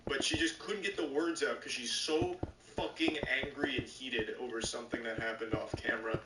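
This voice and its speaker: A man's voice: mid-range voice, moderate pace. A man streaming and reacting to videos, giving sarcastic, profane commentary. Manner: sarcastic, swears often. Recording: roomy, distant, noisy mic.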